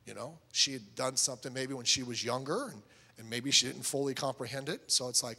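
A man's voice: medium pitch, a little fast, gravelly, bright, forceful tone, breathy edge, long reverb tail. A middle-aged man preaching a sermon as a pastor, telling stories and acting out both sides of conversations.

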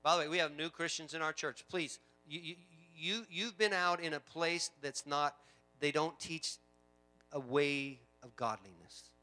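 A middle-aged pastor delivers a sermon in a church, his voice bright and somewhat high for a man. He talks in a conversational way, full of asides and repetitions, then swells into loud, emphatic preaching. The tone stays edged and forceful. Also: unhurried, soft background music. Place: church sanctuary.

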